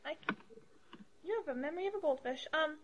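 A woman's voice: high-pitched, fairly quick, rough recording. A woman co-hosting a podcast in casual chat, teasing and laughing often. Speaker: podcast co-host.

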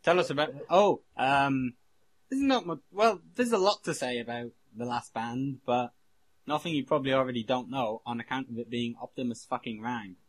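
A man's voice: mid-range voice, normal speed, rough recording. A man co-hosting a podcast in casual chat, rambling and cutting himself off, swearing freely. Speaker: podcast co-host.

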